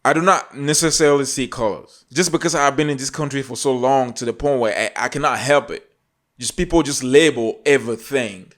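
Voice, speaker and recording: A man's voice: mid-range voice, fairly quick, a bit bright. A man from Africa hosting a reaction video, talking in an emphatic, repetitive, preachy way. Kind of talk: casual reaction commentary.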